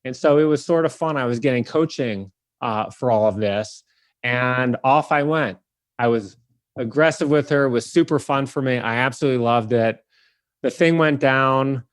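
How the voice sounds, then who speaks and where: A man from the Detroit area tells a story on his podcast with lots of energy, slipping into the voices of the people he describes. His voice sits at an ordinary middle pitch. It is recorded close and dry, with no room sound. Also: moderate pace, smooth, dry recording. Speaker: podcast host telling a story. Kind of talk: casual storytelling.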